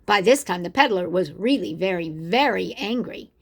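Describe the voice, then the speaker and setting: Expressive grandmother reading a storybook aloud. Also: lowish voice, normal speed, gravelly. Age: older. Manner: expressive, asks the listener questions. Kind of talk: reading a picture book aloud to children.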